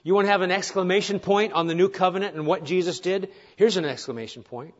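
A man's voice: sits high, lively intonation, fast talker, dull audio. A man preaching a sermon to his congregation, earnest, with rhetorical questions and wry asides. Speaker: pastor.

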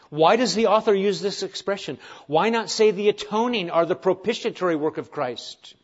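Earnest pastor preaching, lo-fi. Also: male voice, high-pitched, fairly quick. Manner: earnest preaching with rhetorical questions and self-deprecating asides. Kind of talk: sermon.

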